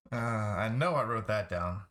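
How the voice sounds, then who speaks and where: A man's voice: medium pitch, fairly bright tone. A man running a tabletop game as game master, laughing often and thinking aloud as he checks his notes.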